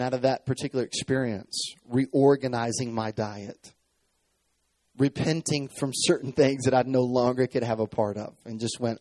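A man's voice: mid-range voice, moderate pace, darkish tone, no room sound. Man in his thirties preaching from a stage. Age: 30s. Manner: storytelling with acted-out dialogue. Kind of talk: sermon.

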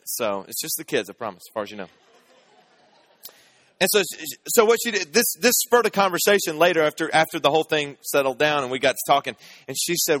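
A man's voice: on the high side, lively intonation, fairly quick, a bit bright, no echo. A man in his thirties preaching a sermon, telling family stories in a conversational, humorous way and asking the audience questions. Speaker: pastor.

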